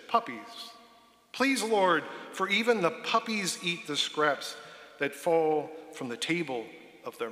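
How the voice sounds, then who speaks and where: A man, a deacon, preaching a homily in a slow storytelling way, with soft asides. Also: on the high side. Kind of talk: sermon. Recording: roomy church with long reverb.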